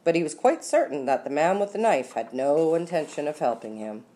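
A woman narrating an audiobook story with expressive, lively delivery and slowed dramatic beats. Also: sits low. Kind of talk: scripted narration.

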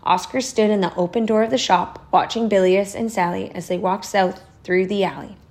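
A woman narrating a storybook aloud in a measured, expressive way. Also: mid-range voice.

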